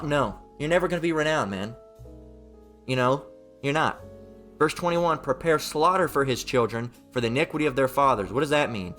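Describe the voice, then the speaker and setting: A man's voice: on the high side, animated, a little fast, fairly bright tone, faint music behind. A man giving a heated Bible commentary, mocking, profane and repetitive as he reads and rants. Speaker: Bible teacher.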